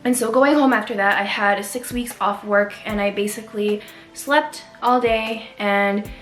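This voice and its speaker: A young woman from Canada speaks candidly to her camera, earnest and a little emotional, pausing softly between thoughts. Her voice sits at a middle pitch and carries the echo of a bare room, with faint music underneath. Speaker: vlogger. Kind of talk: personal storytelling to camera.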